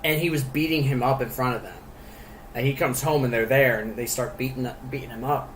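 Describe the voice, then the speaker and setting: On a rough recording with a little hiss or hum, a man co-hosts a casual podcast about a movie, speaking fairly quickly in a mid-range, steady voice. His talk rambles, full of fillers, restarts, and frequent laughter.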